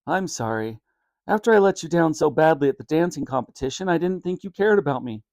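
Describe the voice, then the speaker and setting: A man's voice: on the high side, animated, a little fast, a little mellow, dry recording, studio quality. A man voicing an earnest young boy in a children's storybook reading. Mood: apologetic.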